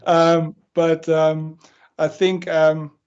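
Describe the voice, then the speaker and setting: A man's voice: a little high, monotone, drawn-out words, a little mellow, smooth. A man speaking on an online panel, hesitant with many fillers. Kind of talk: panel discussion. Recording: dull lo-fi call audio.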